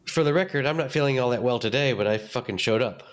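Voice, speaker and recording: A hoarse man co-hosting a podcast, making blunt, profane quips in casual chat. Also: mid-range voice, fast talker. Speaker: podcast co-host.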